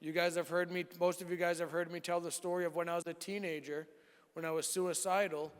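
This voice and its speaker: A man in his forties giving an animated sermon testimony to a youth group in a church hall, acting out the dialogue as he tells it. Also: on the high side, fairly quick, clean tone. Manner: animated storytelling, acts out dialogue. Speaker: youth speaker. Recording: long reverb of a church hall.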